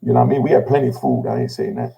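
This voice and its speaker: Very fast and with huge pitch swings, an older man from Jamaica shares his personal story in an emotional, casual manner. Gravelly-voiced, he ends thoughts with "you know what I mean" and gets low and quiet when quoting himself. The audio quality is poor.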